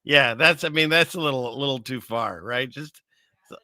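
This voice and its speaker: A man hosting casual commentary on video clips, rambling and chuckling through his asides, with a gravelly voice. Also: medium pitch, normal speed, pushed and bright, no room sound, studio quality. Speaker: host.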